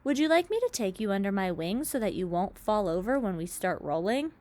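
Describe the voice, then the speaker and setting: A woman doing a gentle, motherly ladybug. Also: medium pitch, very animated, fairly quick, close to an everyday voice. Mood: kindly. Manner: warm, reassuring.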